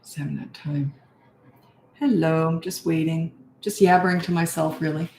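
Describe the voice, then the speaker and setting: A woman's voice: sits low, fairly even intonation, normal speed, darkish tone, echoey room, a little hiss or hum. A middle-aged woman, a parenting coach, chatting and rambling casually on a live-stream Q&A, self-deprecating.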